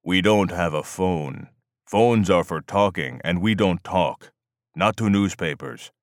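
Give me a male narrator playing a grim, guarded man in his forties. He speaks slowly and curtly in a very deep voice, and each threat lands flat and dry. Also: dry recording. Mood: hostile. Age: 40s. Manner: curt, hostile, threatening.

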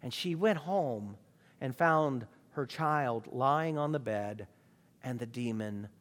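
A man's voice: mid-range voice, lively intonation, slow pace. A man preaching a sermon with emphatic rhetorical questions. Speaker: pastor. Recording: long reverb of a large hall.

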